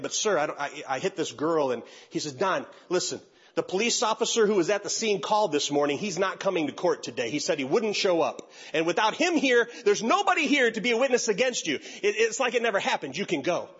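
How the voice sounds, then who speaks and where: In this clip a pastor, an older man, delivers a sermon built around a personal story, lively in manner and voicing the other characters himself. His pitch is fairly high and slightly rough, with the highs cut off.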